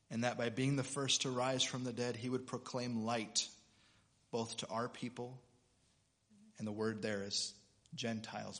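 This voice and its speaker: A middle-aged man, a pastor preaching a sermon with passion, building to loud emphatic peaks and reading scripture aloud. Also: fairly low pitch. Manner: reads scripture aloud with dramatic voices.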